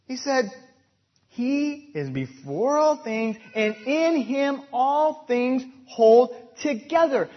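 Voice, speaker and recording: A man preaching a sermon and leading a prayer, slow and emphatic, swelling loud and then dropping soft. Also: extremely high pitch, breathy edge, dull audio. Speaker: pastor.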